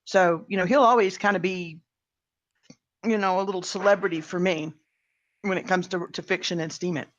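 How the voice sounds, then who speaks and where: A woman's voice: on the low side, fairly even intonation, moderate pace, long pauses, no echo. A woman who writes fiction, co-hosting a casual podcast chat in a chatty way, with many fillers. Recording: slightly dull lo-fi sound.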